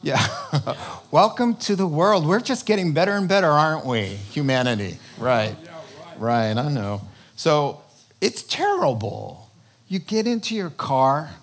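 An unhurried preacher whose pitch swoops up and down with every point. The sermon is joking and theatrical, with questions thrown out to the congregation and quoted voices acted out along the way. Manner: animated and joking, asks the crowd questions and acts out quoted voices. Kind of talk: sermon on end-times prophecy.

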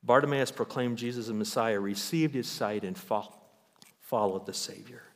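This sermon comes from a male pastor with a mid-range voice and moderate pace, who brings Bible stories to life and raises his voice to dramatize them. It was recorded in a church sanctuary, with long reverb from the hall.

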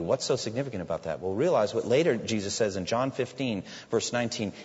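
Animated preacher man in echoey hall. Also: fast, few pauses. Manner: expressive, with quiet low drops for quoted words of Jesus. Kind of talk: sermon. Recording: dull echoey hall recording.

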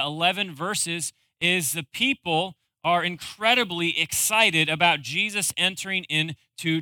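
A man's voice: sits high, pushed and bright, no room sound. A young adult man preaching a sermon, chatty and conversational, with frequent fillers. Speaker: pastor.

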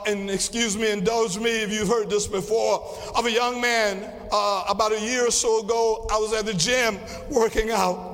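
A man preaching a sermon as pastor, with a rhythmic delivery that swings from quiet passages to shouts. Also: sits high. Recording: long reverb of a large hall.

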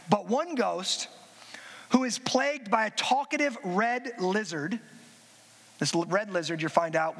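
A man preaching a sermon, speaking emphatically with drawn-out phrases and casual asides to the congregation. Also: sits high, a bit bright. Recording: reverberant hall.

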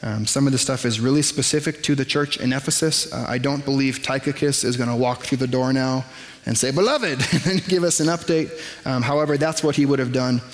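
A man preaching a sermon in a conversational, self-deprecating way, with quick asides to the congregation. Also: medium pitch, fairly even intonation, in a large hall. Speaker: pastor. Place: church sanctuary.

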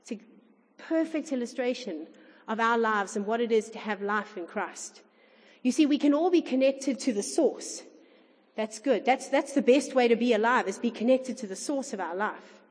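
A woman's voice: on the high side, lively intonation, moderate pace, darkish tone, long reverb tail. A woman in her thirties preaching a sermon to her congregation in a chatty way, with rhetorical questions. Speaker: pastor.

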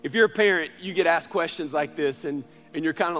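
A man in his thirties, a pastor, preaching a sermon in earnest storytelling style, moving between loud passages and hushed ones. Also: high-pitched, normal speed, soft background music.

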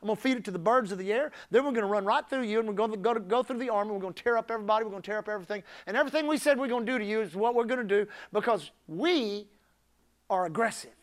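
A man's voice: high voice, rapid-fire, lightly acted. A man voicing a boastful, menacing giant warrior who taunts his young opponent with threats. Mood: taunting.

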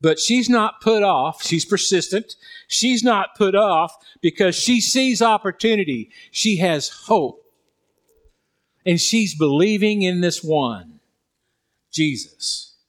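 A man preaching a sermon, swinging between quick bursts and slow, quiet, low emphasis, often repeating himself. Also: expressive. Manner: preaching with sudden drops to soft, low emphasis; repeats words and restarts sentences. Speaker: pastor.

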